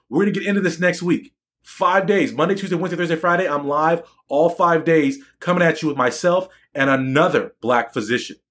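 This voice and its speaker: Male educator, slightly higher voice, emphatic and preachy, repeats phrases for effect. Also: fairly bright tone. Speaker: educator and physician. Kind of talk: live-streamed motivational talk.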